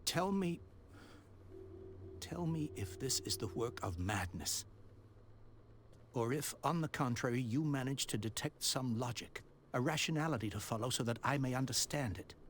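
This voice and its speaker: A man voicing an elderly, grieving industrialist in a video game, speaking slowly and gravely as he pleads for help. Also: medium pitch, lively intonation, a bit bright, slight background noise, lightly acted. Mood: pleading. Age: older.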